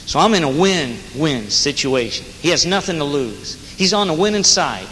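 Man, jail preacher; plain-spoken, earnest sermon, bright tone, reverberant hall. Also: fairly high pitch, very animated, normal speed, few pauses. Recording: hall reverb with faint noise.

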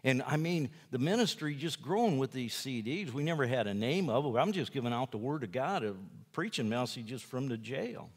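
A man's voice: medium pitch, expressive, normal speed, few pauses, slightly rough, long reverb tail. A man who preaches in jails tells his personal testimony in a folksy, rambling way, acting out the lines of other people. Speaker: jail preacher.

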